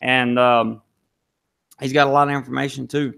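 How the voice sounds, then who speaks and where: Southern guy doing a laid-back live stream, gravelly low-key voice, reads the chat out and answers. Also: moderate pace. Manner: relaxed, reads viewer comments aloud and answers them.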